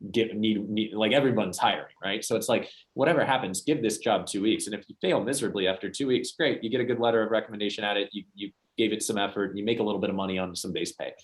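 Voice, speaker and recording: A man's voice: on the low side, quick pace, few pauses. A young man giving a sales training talk, telling a story and acting out the voices of the people in it. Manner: storytelling, acts out quoted voices.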